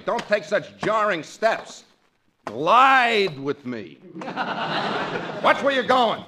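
Pampered invalid, whiny, bossy, high voice, lively pitch, hissy old film soundtrack. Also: male voice. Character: pampered, demanding man laid up with a broken leg. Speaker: bedridden patient demanding attention. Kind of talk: 1940s film comedy acting.

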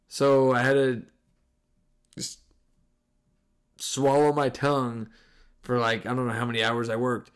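A man in his thirties hosting a podcast, telling a story in casual, animated, profane style. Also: mid-range voice, measured pace, long pauses, clean tone. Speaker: podcast host.

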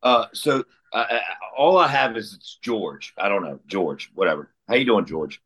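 A man's voice: fairly low pitch, expressive, moderate pace, a bit bright, husky. A man co-hosting a podcast, reading a listener question in a loose, joking casual chat.

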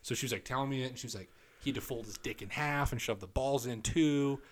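A young man, co-hosting a casual podcast, telling crude stories with lots of swearing. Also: fast. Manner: animated storytelling, swears a lot, quotes texts in a lowered voice. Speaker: podcast co-host. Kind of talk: casual chat.

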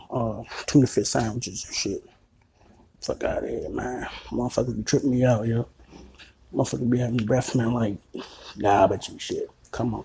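A man's voice: medium pitch, creaky, dark tone, breathy edge. A man giving a rambling, crude comic rant, repeating himself and putting on other people's voices. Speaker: comedic ranter.

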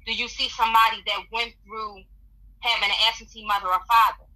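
Bright-voiced woman giving encouraging advice. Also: fairly high pitch, little pitch movement, fairly quick, rough recording. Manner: earnest, encouraging, repeats affirmations. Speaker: podcast guest. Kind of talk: motivational advice.

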